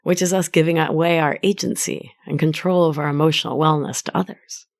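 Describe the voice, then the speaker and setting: A woman hosting her own podcast as a life coach, speaking in a gentle, affectionate coaching tone. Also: sits low, fairly even intonation, a little fast, gravelly. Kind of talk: solo podcast monologue.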